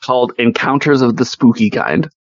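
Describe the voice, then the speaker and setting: A man's voice: medium pitch, moderate pace, no echo, highs cut off. A man co-hosting a casual movie review podcast, sardonic and swearing often as he picks films apart. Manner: sardonic, swears often, acts out quoted lines. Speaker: podcast co-host.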